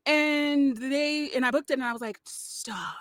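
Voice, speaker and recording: A woman's voice: high-pitched, steady tone, moderate pace, fairly bright tone, dry recording. A woman voice actor, a guest on a podcast, chatting casually with lots of laughs, fillers and restarts. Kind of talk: casual podcast interview chat.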